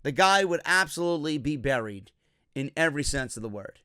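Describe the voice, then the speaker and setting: A blunt, opinionated man recaps a wrestling show in a casual style and swears freely. His voice is clear and smooth, pitched fairly high. The recording is dry and close. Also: expressive, fairly quick, bright, forceful tone, dry recording.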